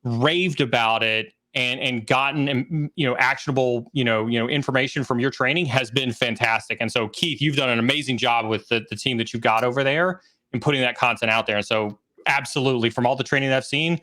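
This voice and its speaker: A man's voice: medium pitch, a little fast, sharp tone. A man in his forties, a guest on a livestream interview, speaking earnestly and emphatically, repeating key phrases. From United States. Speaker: guest, cybersecurity trainer.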